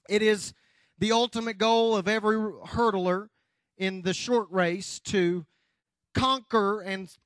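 Emphatic high-voiced male preacher. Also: no room sound. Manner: emphatic, rising to shouts. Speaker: pastor. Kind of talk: sermon.

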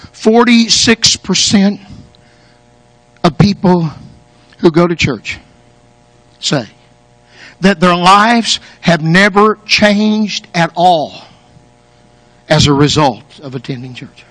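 A man's voice: fairly high pitch, animated, takes it slowly, pauses often, no echo. A male preacher delivering an impassioned sermon, building rhythm by repeating words and long lists. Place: church sanctuary. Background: soft guitar music.

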